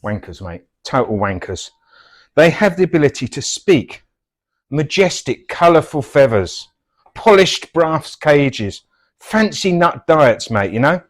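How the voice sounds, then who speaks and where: A middle-aged man, trading scripted comic banter in a mock-earnest, deadpan, sweary way. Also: on the high side, a little slow. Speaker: comedy double act host.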